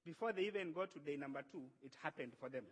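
A man preaching a sermon in a conversational, animated way, acting out the voices he quotes. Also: fairly high pitch, fast, slight background noise. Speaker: pastor. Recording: long hall reverb.

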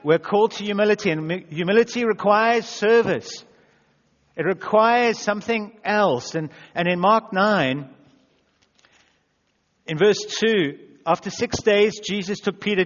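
A man's voice: high-pitched, measured pace. A man preaching a sermon as pastor, self-deprecating, acting out quotes in little voices. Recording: dull echoey church hall sound.

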